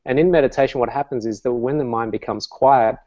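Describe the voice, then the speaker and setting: A man, a meditation coach talking calmly and telling stories as an interview guest, with many fillers. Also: medium pitch, brisk, no echo, highs cut off. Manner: calm, storytelling, many fillers.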